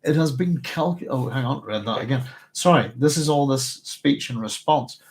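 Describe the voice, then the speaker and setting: A man hosting a relaxed book discussion, his voice sitting at an ordinary middle pitch. He wanders through his thoughts, stops to correct himself and fills gaps with an easy "um". Half reading, half chatting. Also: normal speed. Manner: thoughtful, rambling, with frequent fillers and self-corrections. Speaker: book club host. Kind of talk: casual book discussion with read-aloud passages.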